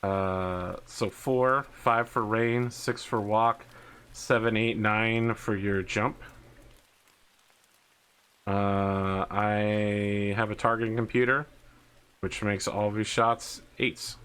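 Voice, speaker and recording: A man's voice: fairly low pitch, fairly even intonation, takes it slowly, a bit bright, smooth. A man narrating and running a tabletop wargame as game master, laid-back and thinking aloud.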